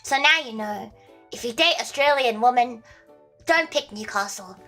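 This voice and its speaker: Woman streamer, high and bright, casual rambling storyteller with lots of restarts and laughs; faint music bed. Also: animated, moderate pace. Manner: rambling, many restarts, laughs at own jokes.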